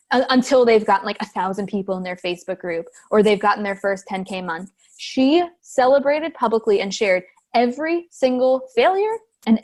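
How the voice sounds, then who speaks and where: A woman in her thirties, a business coach, talking casually as a podcast guest and acting out the voices of the people she quotes. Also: medium pitch. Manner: animated storytelling, acts out quoted voices.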